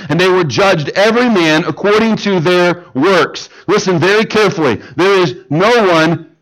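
High-voiced earnest male preacher. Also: a bit bright, poor audio. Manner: earnest, emphatic preaching with sudden drops to low voice. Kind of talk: sermon.

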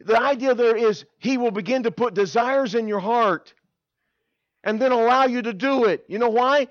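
A man preaching a sermon, telling his own story in an animated way with quick restarts and repeated words. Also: very high-pitched, no room sound. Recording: dull, dry sound.

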